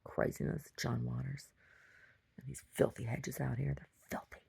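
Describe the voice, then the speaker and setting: Low-voiced woman with a gravelly edge. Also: little pitch movement, measured pace, dark tone. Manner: laughs often, acts out quoted voices, many restarts. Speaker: video diary vlogger. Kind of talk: rambling casual storytelling.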